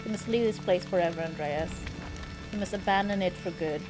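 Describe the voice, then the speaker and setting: Brief: grave old male mentor giving counsel, read by a woman, measured, game music behind. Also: lowish voice, lightly acted. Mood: solemn.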